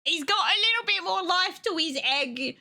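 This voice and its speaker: A young adult woman chatting casually on a livestream, excitable, laughing often and swearing freely. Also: extremely high pitch, moderate pace, vocal fry. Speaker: streamer.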